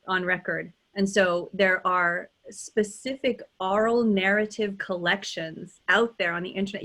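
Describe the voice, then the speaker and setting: A woman's voice: mid-range voice, fairly bright tone. Candid woman dialect coach on a call. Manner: thoughtful, candid, with frequent fillers and restarts. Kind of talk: interview answers on a video call.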